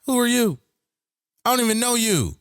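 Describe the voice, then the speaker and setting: A man's voice: extremely high pitch, very animated, fairly bright tone, clean tone, no echo, clean studio sound, pitched above the performer's own voice, exaggerated voice. A man mimicking a brash male romance scammer who dismissively brags and rants. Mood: scoffing. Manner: rapid boastful dismissive rant.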